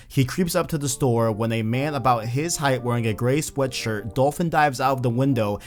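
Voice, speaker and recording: A man's voice: mid-range voice, moderate pace, hardly any pauses. A man hosting a video, casually recapping a story and talking straight to his viewers. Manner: casual and conversational, addresses viewers directly. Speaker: video host. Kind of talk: casual book recap commentary.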